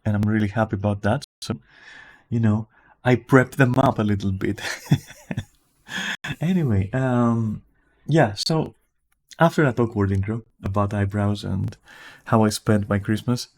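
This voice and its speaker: A man streaming from home with a raspy, just-woken-up voice, rambling casually and swearing now and then. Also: lowish voice, measured pace, a little mellow. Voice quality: raspy morning voice. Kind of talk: casual livestream chat. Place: at home in front of a camera.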